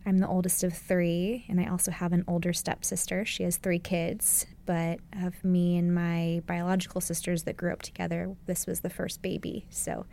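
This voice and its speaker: A woman's voice: lowish voice, flat delivery, moderate pace, vocal fry, hardly any pauses, dark tone. A woman who produces a recovery podcast, chatting casually in a booth, bubbly and giggly. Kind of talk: casual chat. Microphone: studio mic.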